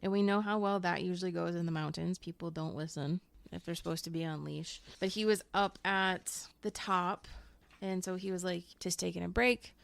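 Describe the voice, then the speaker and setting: Casual woman book reviewer, teacher type, laughs a lot, slight vocal fry. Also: lowish voice, steady tone, normal speed. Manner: chatty, laughs often, swears casually. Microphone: home microphone.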